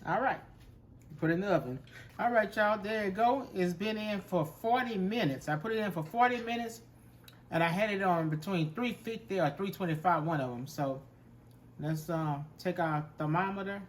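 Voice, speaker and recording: A man's voice: sits high, moderate pace. Guy talking through a recipe, easygoing, bit of hiss in the background. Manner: chatty and folksy, talks while working. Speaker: home cooking show host. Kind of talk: casual cooking demonstration.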